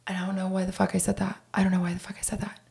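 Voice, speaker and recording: A woman's voice: mid-range voice, completely flat delivery, racing, gravelly, darkish tone. A woman in her thirties, a hairdresser, telling stories in casual podcast chat, candid and profane, with lots of fillers. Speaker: guest hairdresser.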